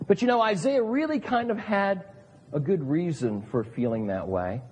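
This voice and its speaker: A man's voice: sits high, lively intonation, normal speed, darkish tone, a little hiss or hum. A middle-aged man, a pastor, preaching an earnest sermon and acting out the voices of the people he quotes. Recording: long hall reverb.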